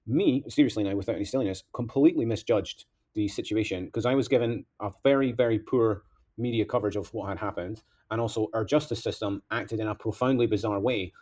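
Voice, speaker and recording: A man's voice: on the low side, fairly quick, darkish tone. A man delivering a rambling political monologue as a candidate, impassioned, veering between outbursts and mutters.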